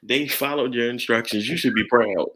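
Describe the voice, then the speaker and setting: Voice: mid-range voice, normal speed, fairly bright tone, rough recording. A co-host in casual chat, making dry, teasing asides and laughing often.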